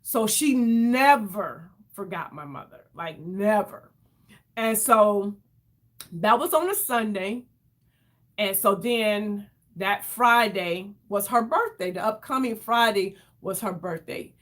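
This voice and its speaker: A woman telling an emotional story to her viewers in a casual, animated way, calling them y'all and acting out what others said. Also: mid-range voice, slow pace. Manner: animated, addresses viewers as y'all, acts out quoted voices. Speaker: vlogger.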